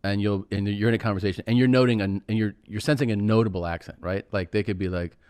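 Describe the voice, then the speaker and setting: A man's voice: fairly low pitch, fairly even intonation, fast talker, darkish tone, smooth, dry recording. Podcast host guy, jokey, acts out little scenes, dead dry mic. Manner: joking, acts out imagined dialogue. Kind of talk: casual podcast chat.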